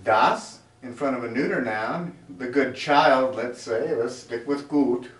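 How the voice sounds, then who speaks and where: A man teaching a grammar lesson in a classroom, explaining step by step as he writes on a board. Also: medium pitch. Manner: slow, explanatory, writing on a board as he talks. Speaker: German teacher. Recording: echoey room, mic far off.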